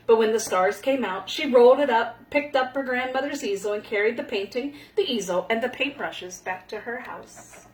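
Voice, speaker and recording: A woman reading a children's picture book aloud in a gentle, expressive way. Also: fairly high pitch. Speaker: storyteller. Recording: echoey room.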